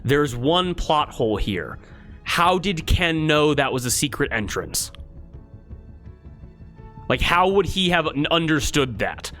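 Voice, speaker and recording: Man game master who talks fast and corrects himself often; needs a lively, slightly high voice. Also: faint music behind. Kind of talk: running a tabletop game.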